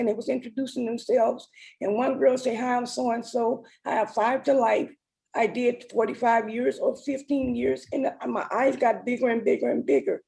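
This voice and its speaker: A woman's voice: on the high side, gravelly, mellow, rough recording. A woman in her forties giving an earnest, emotional personal testimony as a summit speaker. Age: 40s.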